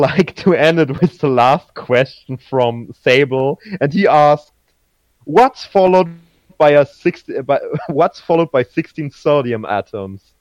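A man co-hosting a podcast who giggles often and talks haltingly in casual chat. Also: a little high, darkish tone, clear, resonant tone, dry recording, lo-fi sound. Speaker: podcast co-host.

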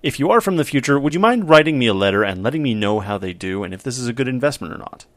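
A man's voice: medium pitch, expressive, very fast, dry recording. A man hosting a podcast, chatting casually in a wry, self-deprecating way. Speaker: podcast host.

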